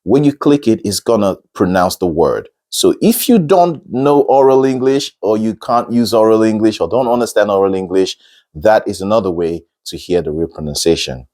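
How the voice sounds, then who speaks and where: A man teaching singing, who explains patiently step by step, repeats words slowly and breaks into short sung examples. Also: lowish voice, expressive, dark tone. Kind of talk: instructional talk.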